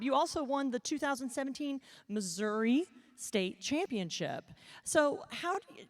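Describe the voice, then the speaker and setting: A woman's voice: high voice, no echo. A woman interviewing a contestant on stage, asking chatty, encouraging questions. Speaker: event interviewer.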